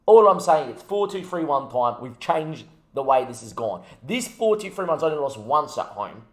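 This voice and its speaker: A man's voice: fairly high pitch, very animated, moderate pace, roomy sound. A young man ranting about a football management game, swearing heavily as he commentates his gameplay. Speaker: gaming YouTuber.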